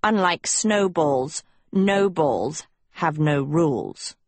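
A guarded teenage villain girl speaks low and quiet, as a woman reading the audiobook puts her on. Her lines come slow and measured, pitched well under the narrator's own voice. The reading is close and dry, with no room around it. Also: expressive, no room sound, full character voice. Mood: tearful. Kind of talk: audiobook character voice.

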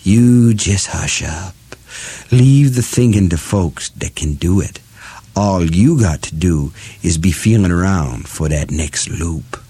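A man's voice: medium pitch, animated, unhurried, a little mellow, pitched above the performer's own voice. A man voicing a cruel, cackling woman captor who taunts and croons her threats in an audiobook. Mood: crooning. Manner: mocking drawl, crooning threats. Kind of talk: audiobook character voice.

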